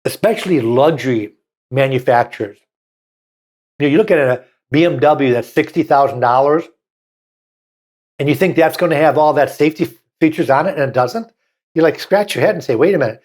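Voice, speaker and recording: A man's voice: fairly high pitch, fairly quick, long pauses, a little mellow. A man with a Southern US accent hosting a car show, reading short passages aloud and then riffing on them in a folksy, opinionated way. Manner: folksy, reads a passage then riffs with asides. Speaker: car dealer show host. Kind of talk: opinionated talk-show commentary.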